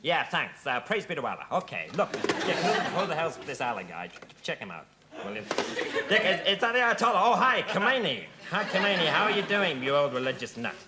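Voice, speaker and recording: A man's voice: fairly high pitch, big pitch swings, fairly quick. Brash man barking into phones. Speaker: newspaper editor in a comedy sketch. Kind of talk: fast sketch comedy on phones. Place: TV studio with live audience. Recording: studio audience laughing, noisy 1970s TV audio.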